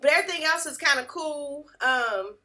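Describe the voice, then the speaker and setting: Chatty bright-voiced young woman. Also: high-pitched, normal speed. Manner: chatty, gossipy, animated retelling. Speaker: reality TV recapper. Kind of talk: casual recap vlog.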